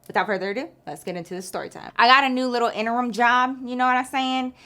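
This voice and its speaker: Woman vlogger, story-time host, chatty and profane, animated delivery. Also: fairly high pitch, very fast. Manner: animated, chatty, profane, addresses viewers as bestie.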